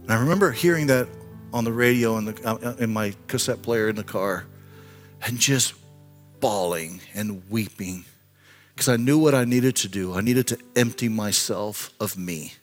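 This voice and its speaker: A man in his sixties, a pastor preaching a sermon in a church, telling a personal story earnestly and swinging from impassioned to hushed. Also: lowish voice, normal speed, soft background music. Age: 60s. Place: church sanctuary.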